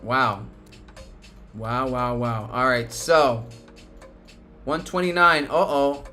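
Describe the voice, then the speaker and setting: A man hosting a live stock market stream, talking excitably and with plenty of profanity, swinging between cheering and panic as prices move. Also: medium pitch, slow pace, long pauses, faint music behind. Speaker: stock market livestream host.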